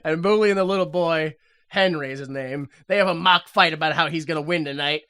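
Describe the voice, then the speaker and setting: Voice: medium pitch, a little fast, bright, forceful tone. Laughing podcast host recapping an episode. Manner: laughing often, loose and rambling. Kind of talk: casual comedic recap of a TV episode.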